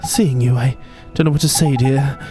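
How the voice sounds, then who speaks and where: A man's voice: medium pitch, fairly even intonation, normal speed, lightly acted. A man voicing a kindly, motherly middle-aged woman shopkeeper who calls people dear and honey, over game music. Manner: gentle, motherly.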